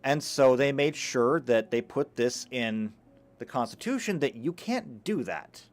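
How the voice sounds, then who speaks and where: A man's voice: mid-range voice, a little slow. A man giving a live lecture, talking emphatically and stumbling over a few restarts. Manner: animated, emphatic, with occasional stammered restarts. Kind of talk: live lecture reading chat comments.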